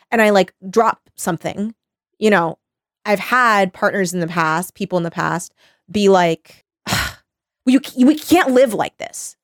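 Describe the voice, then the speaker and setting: A woman's voice: lowish voice, no room sound, clean studio sound. A woman, chatting as a podcast host and telling stories with lots of laughter and acted-out voices. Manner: animated storytelling, acts out quoted voices; laughs often. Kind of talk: casual chat.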